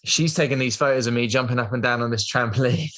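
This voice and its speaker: A man's voice: mid-range voice, fast talker, fairly bright tone. A British man in his thirties, a podcast guest telling a story in a rambling, chatty way with plenty of fillers. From Britain. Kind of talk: casual storytelling interview.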